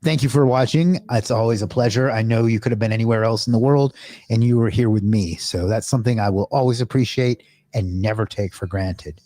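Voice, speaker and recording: A man's voice: on the low side, a little fast, mellow, dry recording. A man hosting a live stream, chatting casually with viewers, thanking them and asking them to subscribe.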